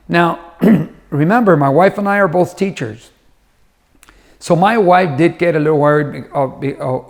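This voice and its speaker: Gravelly middle-aged motivational speaker man. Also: on the high side. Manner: conversational, acts out quoted voices. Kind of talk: motivational storytelling talk.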